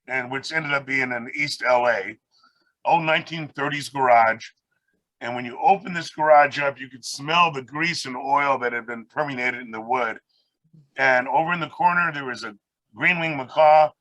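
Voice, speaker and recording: A man tells a winding story on a video call, now and then acting out the people he met along the way. His voice is bright and forward. The sound is dry, with no room around it. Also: medium pitch, moderate pace, no echo, low-quality recording. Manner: rambling, anecdotal, acts out quoted people. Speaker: guest speaker, parrot rescue founder.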